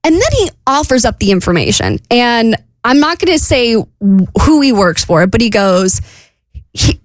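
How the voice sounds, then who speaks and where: Animated high-voiced woman telling a story. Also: unhurried, no room sound. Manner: animated, laughing storyteller acting out dialogue. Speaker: radio show co-host. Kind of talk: casual storytelling chat.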